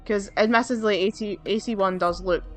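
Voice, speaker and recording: A chatty woman gamer narrating her play casually, excitable and quick to swear. Her voice sits in an ordinary middle register, with faint music underneath. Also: mid-range voice. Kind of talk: casual gameplay commentary.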